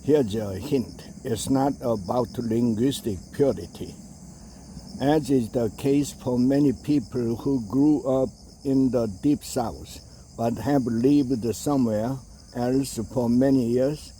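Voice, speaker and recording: A man reading an opinion essay aloud in a measured way, with the odd hesitation. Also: mid-range voice, warm tone, a little hiss or hum.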